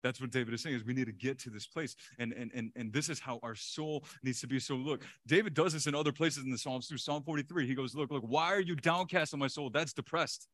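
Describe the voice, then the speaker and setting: A male pastor preaching a sermon in an animated way, chuckling often and repeating words for emphasis. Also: mid-range voice, fast, few pauses, no room sound.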